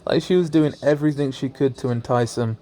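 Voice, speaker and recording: A man's voice: medium pitch, fairly quick, warm tone. A young man casually telling a strange story as a vlogger, laughing often and swearing freely.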